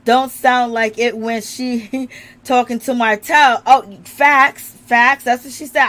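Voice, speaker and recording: This reality TV recap vlogger has a high, level, fairly bright voice and speaks a bit slowly. Still recovering from being sick, she chats with her audience about the show in a strained voice, laughing frequently.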